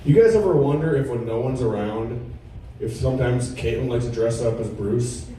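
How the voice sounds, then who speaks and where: A man in his thirties doing a stand-up comedy set with a laid-back, deadpan delivery at a comedy club. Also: mid-range voice, normal speed, heavy reverb, recorded from a distance, noisy background. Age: 30s. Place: comedy club with a live audience.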